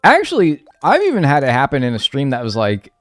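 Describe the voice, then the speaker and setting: A man's voice: mid-range voice, huge pitch swings, fairly quick, no room sound. Man, live-stream chatter, rambling, jokey, self-mocking, faint music behind. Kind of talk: casual live-stream chat.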